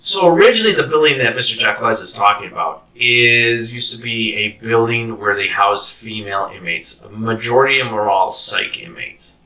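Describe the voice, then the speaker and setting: Host, man, animated storyteller, sharp bright tone, recorded from a distance. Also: mid-range voice, normal speed, hardly any pauses. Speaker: host and former corrections officer. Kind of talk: casual storytelling interview.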